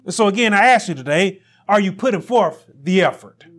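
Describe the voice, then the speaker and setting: A man preaching a sermon as pastor, building to emphatic peaks and dropping to quiet asides. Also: high voice, animated, fairly quick, slightly rough.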